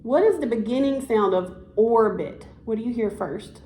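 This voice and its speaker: A woman's voice: on the high side, lively intonation, moderate pace, dark tone, a little hiss or hum. A woman teacher giving a one-on-one science lesson, encouraging and praising as she prompts the student to repeat after her. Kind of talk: one-on-one classroom instruction. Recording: echoey room.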